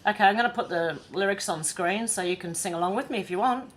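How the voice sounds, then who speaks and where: An Australian woman hosting a casual livestream, chatty and self-mocking and quick to laugh. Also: medium pitch. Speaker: livestream host.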